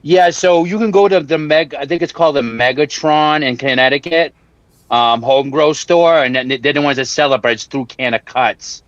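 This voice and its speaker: A man chatting casually and profanely, rambling through a story and putting on quick mock voices. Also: a little high. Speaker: guest on a home-grow talk stream. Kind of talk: casual chat. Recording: dull, dry lo-fi audio.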